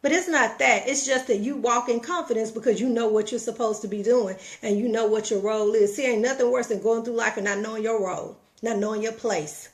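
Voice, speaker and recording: A middle-aged woman speaks in a folksy, preaching tone, pushing her listeners to get moving. Her voice sits a touch high and she tells her stories with lively, animated energy. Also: brisk, hardly any pauses. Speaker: motivational vlogger. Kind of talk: casual motivational talk.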